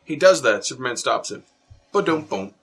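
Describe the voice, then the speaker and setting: Husky, lively man riffing on movies. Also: mid-range voice, fast. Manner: animated storyteller, jokey and opinionated. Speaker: podcast co-host. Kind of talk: casual movie chat.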